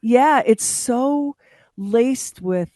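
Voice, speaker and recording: A woman's voice: fairly high pitch, extremely slow, dry recording, clean studio sound. A middle-aged woman from Philadelphia, a radio co-host telling vivid stories in casual chat. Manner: vivid, animated storyteller.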